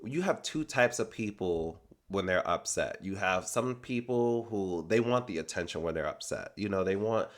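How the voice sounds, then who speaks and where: A man's voice: low-pitched, normal speed, few pauses. Chatty man recapping TV. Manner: chatty, animated storytelling with quoted asides. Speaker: recap host. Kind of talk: casual reality TV recap.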